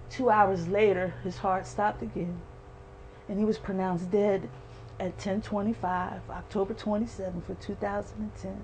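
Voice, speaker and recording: A woman's voice: mid-range voice, flat delivery, moderate pace, darkish tone, a little hiss or hum. A woman in her forties giving a heartfelt personal testimony, earnest and emphatic, acting out what people said. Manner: earnest, emphatic storyteller who acts out quoted speech. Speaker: guest sharing a personal testimony.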